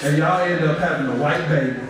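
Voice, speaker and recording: A man's voice: a little high, fairly quick, very noisy. A man doing a crude open mic stand-up set, talking straight to the crowd. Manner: brash, crude, directs the crowd. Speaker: stand-up comic. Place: comedy club stage. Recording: echoey club from far off, loud crowd.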